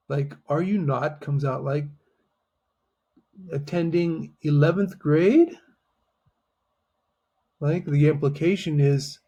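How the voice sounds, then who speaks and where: Husky-voiced man teaching a language. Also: on the high side, warm tone. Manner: explanatory, checks in with a repeated "right?". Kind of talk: online language lesson.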